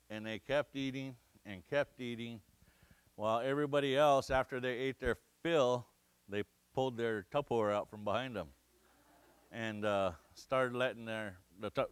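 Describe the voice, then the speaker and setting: A middle-aged man from Montana's Crow Nation giving a lecture, telling a funny story with lively acted-out shouts and quoted voices. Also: mid-range voice, clean tone, dry recording. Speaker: guest lecturer. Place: lecture hall.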